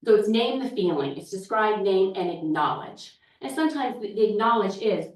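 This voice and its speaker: Here the same kind of casual talk comes from a woman who teaches preschool, a lively storyteller who acts out exchanges from her classroom. Her pitch is medium and her pace moderate, with few pauses. A distant mic captures her in a big, heavily reverberant church hall during this informal group presentation.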